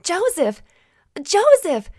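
Young Mary, a gentle young woman from a children's storybook, speaks in a raised, high voice that rings out at full volume, as a woman puts her on. The room is dry, with the mic close. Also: big pitch swings, takes it slowly, dry recording. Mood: excited.

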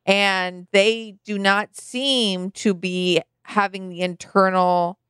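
A woman co-hosting a casual podcast, talking in a measured way with hesitant restarts. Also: medium pitch, fairly even intonation, a bit bright, clear, resonant tone, dry recording, studio quality. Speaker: podcast co-host. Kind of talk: casual chat.

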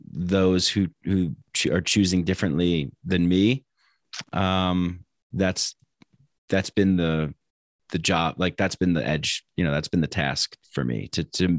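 A man's voice: low voice, no room sound, clean studio sound. An adult man in casual conversation, talking in a reflective, rambling way with many restarts. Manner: acts out quoted exchanges in a raised put-on voice.

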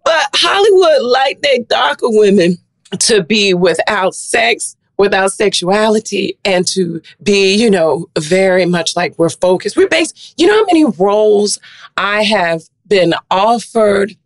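A middle-aged woman guest on a chat podcast, telling lively stories and jumping into squealing high voices for herself. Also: measured pace, dry recording. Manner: animated, swings into high squealing voices when quoting herself. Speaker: guest actress. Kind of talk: casual chat, lively storytelling.

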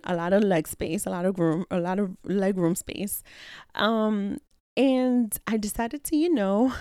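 A young adult woman hosting a podcast, telling a long story in a loose, swearing, lively way and slipping into the voices of the people she describes. Her voice sits at an ordinary middle pitch. It was recorded close to the mic in a dry space with no room echo. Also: clean tone. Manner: animated, profane, acts out quoted people. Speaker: podcast host. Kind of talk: casual storytelling monologue.

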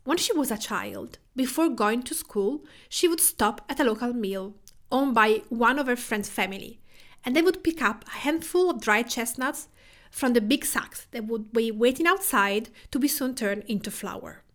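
Woman, Italian accent, podcast host, fairly high voice, calm list-like reading. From Tuscany, Italy. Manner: measured, list-like delivery with Italian food terms. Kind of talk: scripted podcast narration.

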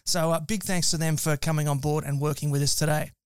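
A man's voice: on the high side, steady tone, quick pace, clean tone, no room sound, studio quality. Australian man, upbeat podcast host. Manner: upbeat, chatty, with loose fillers. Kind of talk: live podcast chat.

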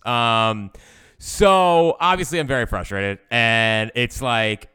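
A man's voice: medium pitch, slow pace, sharp tone, smooth. A young man co-hosting a sports podcast, rambling in casual chat and venting his frustration as a fan.

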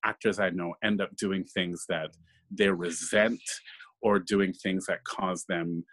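Lower-pitched male actor as interview guest, lively raconteur, mimics quoted people. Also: slow pace. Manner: animated, acts out quoted voices. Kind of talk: casual interview storytelling.

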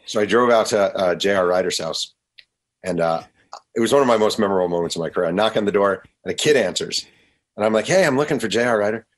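A man being interviewed as an author, telling lively anecdotes and acting out quotes. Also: low-pitched, fast talker. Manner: animated anecdotes, acts out quotes. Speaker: author guest. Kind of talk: storytelling interview.

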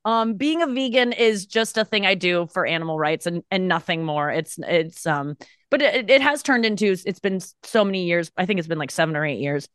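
A woman's voice: fairly low pitch, lively intonation, brisk, a bit bright, smooth, no room sound, studio quality. A woman in her thirties, a comedian guest on a podcast, talking in a candid, rambling and self-mocking way. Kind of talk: casual podcast chat.

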